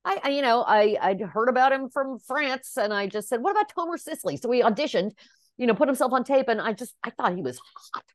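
A middle-aged woman, a casting director, tells stories in an animated, expressive way, with many fillers and restarts. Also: fairly high pitch, brisk, dry recording, studio quality. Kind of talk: casual interview storytelling.

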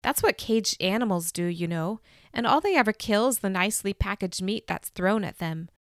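A woman's voice: mid-range voice, expressive, normal speed, dry recording, natural voice. Storybook menace: a woman doing a small girl, cold and scornful, dry close sound. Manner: contemptuous, threatening.

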